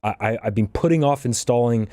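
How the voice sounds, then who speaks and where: A man's voice: mid-range voice, a little fast, dark tone, no echo. A man co-hosting a casual talk show, explaining things with stammering restarts. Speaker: co-host. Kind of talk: casual podcast chat.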